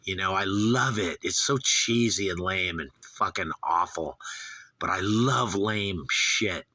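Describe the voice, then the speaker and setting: A man in his fifties from Southern California hosts an album review that rambles, swears and gushes. His voice is low, slow, bright and forceful, with no echo in the recording.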